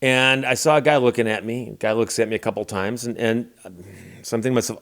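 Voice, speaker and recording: A middle-aged man hosting his own channel, casually telling stories to camera in a relaxed, wry way and chuckling now and then. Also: mid-range voice, fast. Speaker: YouTube channel host.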